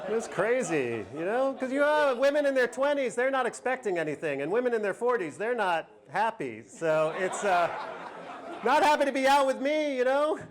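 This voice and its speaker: A man's voice: very high voice, big pitch swings, moderate pace. A man performing a standup routine, sardonic and self-deprecating, firing off rhetorical questions. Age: 40s. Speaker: standup comedian. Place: live comedy venue with audience. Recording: live club recording, audience laughter. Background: crowd laughter.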